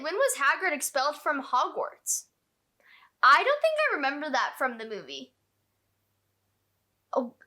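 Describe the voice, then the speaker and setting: A woman chatting excitedly in a casual reading vlog at home, filling her talk with "like". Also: high voice. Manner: chatty and excitable, heavy use of "like". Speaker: book vlogger.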